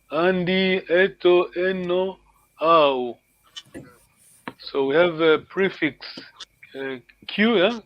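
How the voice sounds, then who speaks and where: High-voiced, unhurried male language teacher. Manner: patient, encouraging, repeats words. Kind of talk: online language lesson. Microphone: video call. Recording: lo-fi video call audio.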